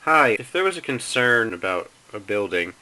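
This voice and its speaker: A man's voice: on the low side, big pitch swings, normal speed, background noise. A man calling as a concerned citizen, asking careful, persistent questions about building safety. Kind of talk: phone inquiry.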